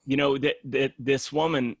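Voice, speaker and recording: A program founder talks in a casual podcast conversation, an animated storyteller who acts out the voices he quotes. His mid-range voice is creaky and moves at normal speed, captured in clean studio sound with no room sound.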